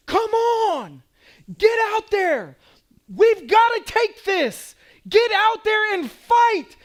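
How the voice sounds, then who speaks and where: A man's voice: very high voice, very animated, extremely slow, voice pushed up, heavily acted. A man acting out an army officer who bellows desperate orders at his pinned-down men. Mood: urgent. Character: battle-hardened male army officer shouting orders under fire.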